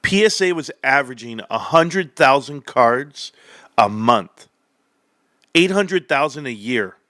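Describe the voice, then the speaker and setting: A young man hosting a livestream, talking straight to his viewers in an animated, sarcastic rant. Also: a little high, no room sound, clean studio sound. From California, United States. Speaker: livestream host. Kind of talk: casual stock-talk livestream rant.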